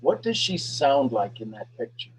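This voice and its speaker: A man hosting a live motivational talk, energetic and preachy, repeating questions and swinging between loud bursts and hushed lines. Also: medium pitch, normal speed, slight background noise, poor audio. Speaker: host of a motivational talk show.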